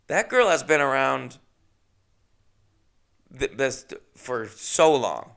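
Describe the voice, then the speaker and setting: A man's voice: medium pitch, sing-song, slow, gravelly, pauses often, fairly bright tone. A man hosting a solo podcast, rambling casually with chatty, self-mocking asides. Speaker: podcast host.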